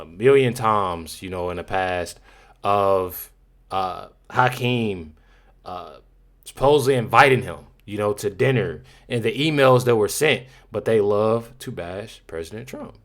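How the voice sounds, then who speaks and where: A man's voice: lowish voice, fairly bright tone. A man giving casual reaction commentary to his viewers, talking emphatically and repeating himself, often addressing them as y'all. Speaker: YouTube commentator.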